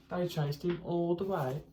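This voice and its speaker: A primary school teacher reads a picture book to young children at a middle pitch, with a faint hiss in the background. The teacher stops often to ask the children questions and gives the characters and animals expressive voices.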